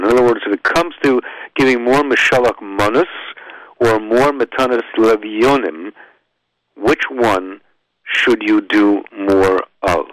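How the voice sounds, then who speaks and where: A man's voice: lowish voice, no echo, poor audio. A man hosting a radio call-in show, folksy and emphatic, dropping Hebrew and Yiddish phrases into his talk and stretching words for emphasis. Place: radio studio. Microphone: studio microphone.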